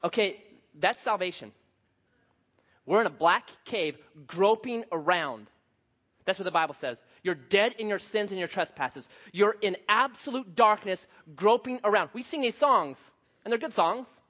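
High voiced pastor guy telling a story in his sermon, goes quiet then loud, dull lo-fi sound. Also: measured pace. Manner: storytelling, animated, shifting from hushed to loud.

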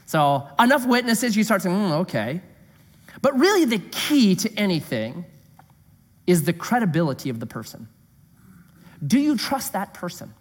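A middle-aged man preaching a sermon as a comic story, animated and exclaiming, with a long hall echo. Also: high-pitched, moderate pace.

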